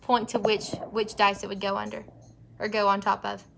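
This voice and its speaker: A young woman teacher leading an early-grade phonics lesson, stretching out words slowly and praising the children. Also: mid-range voice, monotone, gravelly, a bit bright, slight background noise. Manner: slow, drawn-out word modeling, encouraging.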